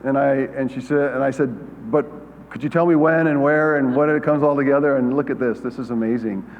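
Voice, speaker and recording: A man in his sixties from the United States, giving a conference keynote as a halting, self-deprecating storyteller with many fillers and restarts. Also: mid-range voice, steady tone. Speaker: keynote speaker. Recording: muffled sound with long hall reverb.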